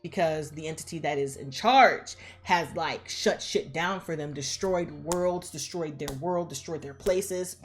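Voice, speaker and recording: A woman with a lowish voice retells a film plot in loose, slangy, cussing chatter. She jumps into little character bits along the way. Faint music plays underneath. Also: a little slow, few pauses. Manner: animated, slangy and profane, acts out characters. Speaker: movie recap vlogger. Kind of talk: casual movie retelling.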